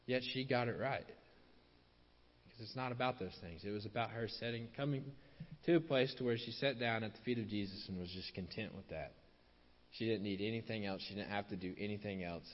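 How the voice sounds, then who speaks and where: A man delivers a sermon in a low voice, driving his points home by repeating them. The recording sounds dull and lo-fi, with a long reverb trailing off through a large hall. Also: fairly quick. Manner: repeats key phrases for emphasis, drops softer on closing lines. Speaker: preacher.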